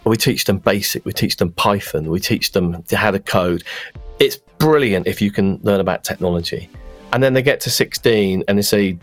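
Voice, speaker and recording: A man with a fairly low voice, talking in an animated, forthright way. Soft music plays faintly underneath. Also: moderate pace. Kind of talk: casual discussion.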